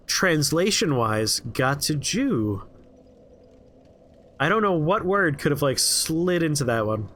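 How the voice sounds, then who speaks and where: A man's voice: fairly high pitch, a bit bright. A man streaming a video game, casually commenting and reading out strange item names with amusement. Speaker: let's play streamer.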